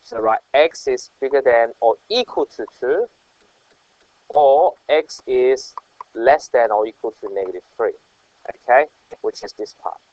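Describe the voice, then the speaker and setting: A man's voice: mid-range voice, animated, measured pace, darkish tone, no room sound. A man teaching an online math lesson, explaining step by step, checking often with "right?" and "okay?", with slightly non-native English phrasing. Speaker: math tutor. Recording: dull, slightly lo-fi dry audio.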